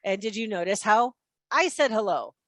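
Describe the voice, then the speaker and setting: A woman leading a live online sales training session, in an energetic and chatty teaching manner over a video call. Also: mid-range voice, normal speed, no echo.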